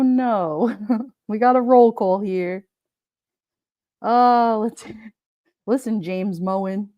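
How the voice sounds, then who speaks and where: Reading comments from her viewers, a middle-aged woman with a New York accent keeps her livestream casual and laughs and jokes frequently. Her medium-pitched voice is mellow, captured on a lo-fi recording without room sound.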